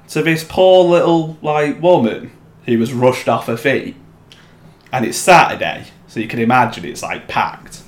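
A man co-hosting a podcast, chatting casually and telling animated stories, acting out quotes and swearing. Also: fairly high pitch, normal speed. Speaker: podcast co-host. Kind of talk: casual chat. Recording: echoey room.

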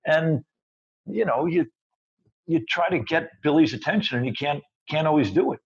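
Husky man, animated profane storyteller, lo-fi podcast audio. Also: fairly high pitch, normal speed. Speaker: podcast co-host, actor. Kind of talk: casual chat.

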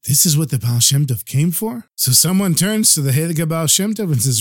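A man telling a traditional tale as a podcast storyteller, in an expressive, lively way. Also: fairly high pitch, fairly quick, few pauses, dry recording, studio quality.

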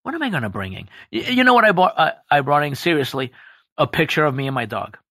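Brief: man, slightly high voice, playful podcast guest, dry close mic. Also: quick pace, no room sound. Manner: animated, jokey, slips into impressions. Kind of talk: casual podcast chat.

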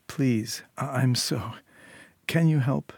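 A man's voice: medium pitch, slow pace, gravelly, breathy edge, no room sound, heavily acted. A man voicing a small, timid young woman who pleads and apologizes in a trembling voice, in a dry close recording. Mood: pleading.

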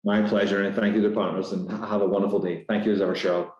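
A man with a Scottish accent, a guest talking in a casual podcast interview, brisk and upbeat with lots of fillers. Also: on the low side, level tone, a little mellow, highs cut off. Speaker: guest executive. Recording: roomy echo.

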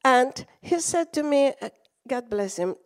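High-voiced Latina woman preaching. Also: a little slow. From Latin America. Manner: animated storytelling, acts out quotes, laughs often. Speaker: guest preacher. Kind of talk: sermon with storytelling.

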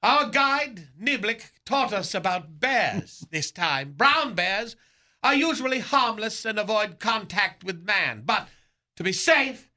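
A man's voice: sits high, lively intonation, slow pace, bright, forceful tone, heavily acted. A man playing a vain, theatrical aging movie star in a radio comedy sketch, grandiose and laughing at his own jokes. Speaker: recurring comedy character.

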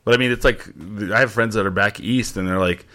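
Low-voiced guy hosting a podcast, jokey and rambly, cracks himself up a lot. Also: quick pace, bright, forceful tone. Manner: joking, rambling, laughs often. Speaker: podcast host. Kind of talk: casual chat.

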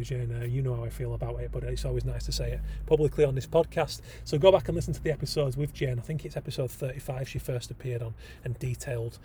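A man's voice: medium pitch, mellow, a little hiss or hum. A man hosting a casual solo podcast, talking enthusiastically with frequent ums and rambling asides. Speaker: podcast host.

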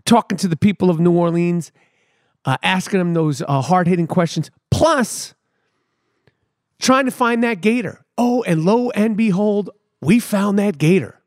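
Fast-riffing middle-aged New man. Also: high voice, no echo, studio quality. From New York City. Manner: animated, emphatic, repeats words for effect, street slang. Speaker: podcast host. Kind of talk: comedic storytelling monologue.

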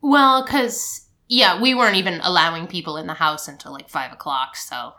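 Casual-chat co-host, woman in her 30s, bright clear tone, lively storytelling. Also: moderate pace. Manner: chatty, animated, mimics her toddler in a high squeal. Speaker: podcast co-host, mother.

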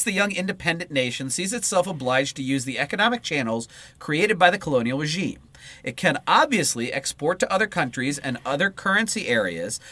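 A man's voice: on the high side, sharp tone, dry recording. A man co-hosting a podcast, reading a political text aloud and breaking off into profane, casual asides. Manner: swears freely and breaks into asides mid-reading. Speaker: podcast co-host.

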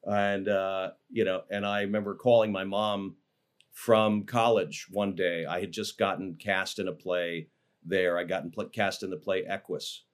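A man with a fairly low voice shares memories as an interview guest. He rambles along, circling back with plenty of fillers and restarts, in an easygoing, conversational way. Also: little pitch movement, a little slow, clear, resonant tone. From Los Angeles, USA. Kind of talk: casual interview storytelling.

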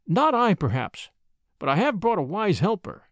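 A man's voice: sits high, big pitch swings, normal speed, fairly bright tone, no room sound, studio quality, heavily acted. A man voicing a loyal young male wolf, matter-of-fact and conspiratorial, in an audiobook story. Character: male wolf, Mowgli's brother, loyal, scheming.

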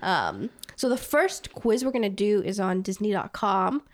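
A young adult woman co-hosting a casual quiz video, chatty and excitable, often saying "dude". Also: mid-range voice, a little slow. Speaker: YouTube co-host. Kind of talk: casual chat while taking a quiz.

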